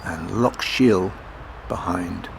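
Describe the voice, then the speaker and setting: Gravelly low-voiced man narrating a road trip. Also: slow pace, background noise. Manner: chatty and jokey, reads out facts. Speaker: travel vlogger. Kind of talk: casual travelogue narration.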